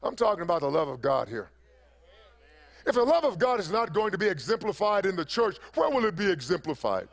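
Gravelly high-voiced man preaching a sermon. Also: sing-song, brisk. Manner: preacherly, emphatic, repeats phrases for effect. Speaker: pastor.

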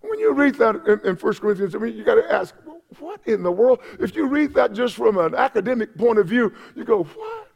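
Gravelly high-voiced preaching pastor. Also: male voice, big pitch swings, fairly quick, few pauses, lo-fi sound. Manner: impassioned preaching with shouted peaks and repeated words. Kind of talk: sermon. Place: church sanctuary.

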